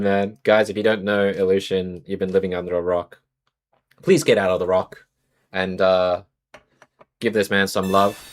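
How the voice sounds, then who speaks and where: Aussie guy on stream, lower voice, chatting to chat n talking thru his plays. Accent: Australian. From Australia. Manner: chatty, greets chat viewers, thinks aloud about moves. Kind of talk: casual live-stream commentary while playing a card game.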